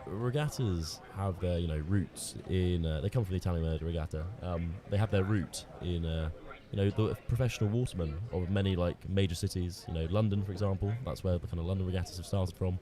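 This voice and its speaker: A man's voice: deep voice, brisk, hardly any pauses. A young man co-commentating at an outdoor rowing regatta, rambling with many fillers. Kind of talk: casual live commentary. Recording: outdoor mic with clear crowd noise.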